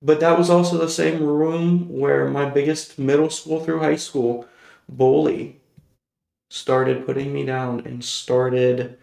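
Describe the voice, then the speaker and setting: A man's voice: medium pitch, creaky, a little mellow. A man hosting a personal storytelling podcast, rambling and correcting himself as he goes, laughing often. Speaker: podcast host. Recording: roomy echoey recording.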